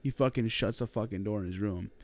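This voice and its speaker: A young man co-hosting a podcast, telling a story in casual chat, animated and swearing, laughing often. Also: fairly low pitch, a little fast, no echo. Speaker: podcast co-host.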